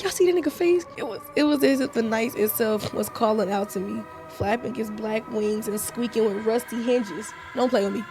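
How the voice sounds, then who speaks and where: A woman playing a horror game, reading its text aloud in a hushed voice and breaking off into loud, profane reactions. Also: fairly high pitch, normal speed, few pauses, music in the background. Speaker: gaming streamer.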